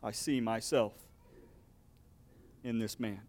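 A man preaching a sermon, reading scripture with acted-out dialogue and dropping to a soft, low voice to close his points. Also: steady tone, slow. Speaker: pastor.

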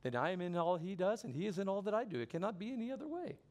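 A preacher briefly takes on the voice of an earnest male professor candidate, speaking with a put-on foreign accent and calm, emphatic conviction. The voice sits noticeably higher than his usual talk and sounds a bit set back from the microphone. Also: rapid-fire.

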